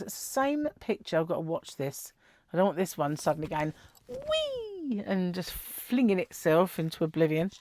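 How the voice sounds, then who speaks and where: A woman's voice: fairly low pitch, a little mellow, no room sound. A middle-aged woman chatting casually as a crochet vlogger, rambling and giggling as she tells stories. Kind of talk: casual chat.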